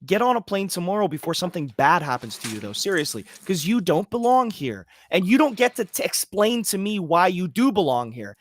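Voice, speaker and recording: A man from Canada co-hosting a livestream podcast, ranting forcefully and swearing freely. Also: high voice, very animated, fairly quick, few pauses, no echo. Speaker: podcast co-host. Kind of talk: heated livestream podcast talk.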